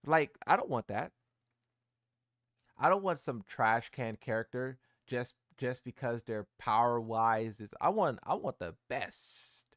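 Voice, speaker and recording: A man's voice: medium pitch, lively intonation, unhurried, fairly bright tone, no echo, clean studio sound. Rambling, slangy male gaming streamer. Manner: rambling, repeats himself, slangy. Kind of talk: casual live-stream reaction.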